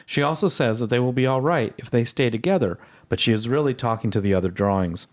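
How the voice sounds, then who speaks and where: A man's voice: mid-range voice, fast. A man co-hosting a podcast, chatting casually and reading a plot recap, often hesitant and restarting his sentences. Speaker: podcast co-host.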